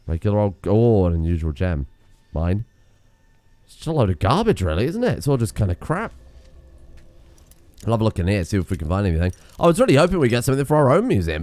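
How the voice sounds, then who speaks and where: Low-voiced sarcastic gaming streamer man. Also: mellow. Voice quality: sarcastic, sweary. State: under the weather, coughing. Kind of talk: casual gameplay commentary.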